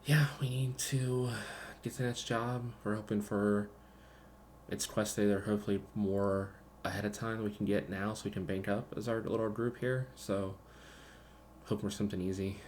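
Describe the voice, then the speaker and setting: A man voicing a weary young woman mercenary with a gravelly, scarred voice, sounding resigned in a tabletop game. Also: fairly low pitch, fairly even intonation, normal speed, a little mellow, slight background noise, close to an everyday voice. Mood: hopeful. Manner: resigned, pleading.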